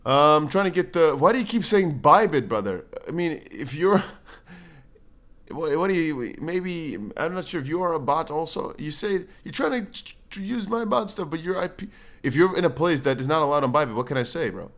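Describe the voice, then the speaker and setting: A man's voice: a little high, lively intonation, normal speed, a bit bright. A man hosting a casual crypto livestream, rambling and slangy, reading viewer comments aloud and answering them. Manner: slangy, says bro and brother a lot.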